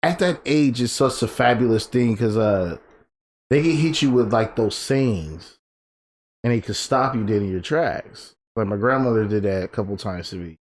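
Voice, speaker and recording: A man in his thirties co-hosting a podcast, telling stories in a rambling, animated way and laughing often. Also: fairly low pitch, normal speed. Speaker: podcast co-host. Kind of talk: casual storytelling chat. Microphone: desk microphone.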